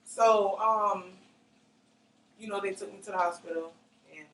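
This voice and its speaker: A young woman speaks her testimony with raw feeling, jumping into other people's voices as she retells what happened. Her pitch sits mid-range. The mic catches her from a little distance in an echoey room. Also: steady tone, measured pace. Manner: emotional, vivid, often acts out what others said. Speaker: interviewee. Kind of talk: personal testimony. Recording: roomy, slightly distant mic with faint noise.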